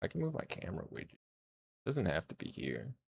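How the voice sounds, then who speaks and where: A man's voice: deep voice, huge pitch swings, a little fast, gravelly, husky. A man streaming his indie game development, chatting to viewers in a hyped-up, rambling way. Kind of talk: casual livestream chat.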